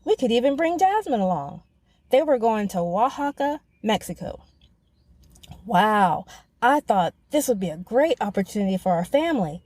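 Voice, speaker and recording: A woman narrating her own story in a reflective, measured way, her voice soft and mellow. The recording is dry and close, with no room around it. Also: fairly high pitch, sing-song, no echo. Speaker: podcast host. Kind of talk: scripted personal narration.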